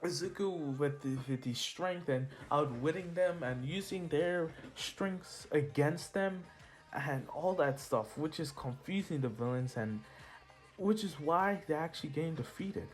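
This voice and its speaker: A man slowly and casually telling a fan story out loud, with a slightly high voice. He rambles, backtracks and laughs at his own slips, while soft lofi music plays under him. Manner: rambling, self-correcting, laughs at himself.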